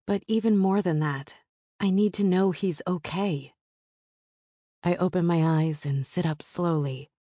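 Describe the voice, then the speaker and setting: A woman narrating a romance audiobook in the first person, low-voiced and unhurried. Her telling is soft and intimate, recorded close and dry. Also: no echo.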